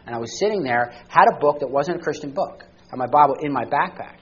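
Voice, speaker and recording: A man's voice: on the high side, fast talker, fairly bright tone, husky, dull audio. A man teaching a church study class to a group, talking conversationally and often checking in with the listeners by asking them questions. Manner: conversational, asks the group questions, frequent "all right?".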